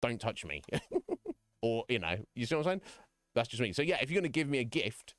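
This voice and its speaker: A man's voice: mid-range voice, big pitch swings, fast talker, fairly bright tone, no room sound, studio quality. A man live-streaming from home, chatting casually with viewers in a frank, rambling way, often breaking into chuckles. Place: home room.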